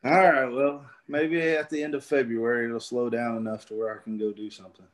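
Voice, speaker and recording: A man's voice: medium pitch, level tone, fairly quick. A laid-back man with a Missouri drawl talks as a podcast guest. His manner is easygoing and open, and he chuckles often between answers. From Northern Missouri, US. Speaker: guest archer. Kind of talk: casual podcast interview.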